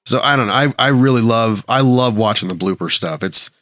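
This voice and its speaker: A man co-hosting a podcast in casual chat, relaxed and musing, often hedging his opinions. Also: mid-range voice, a little fast, no room sound, clean studio sound. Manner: relaxed, musing, hedges with "I don't know". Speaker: podcast co-host.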